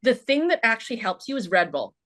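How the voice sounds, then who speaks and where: A woman filmmaker chats in an interview, her voice sitting fairly high. She rambles and restarts her sentences a lot, growing lively and animated. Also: brisk. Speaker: filmmaker guest. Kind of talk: casual interview chat.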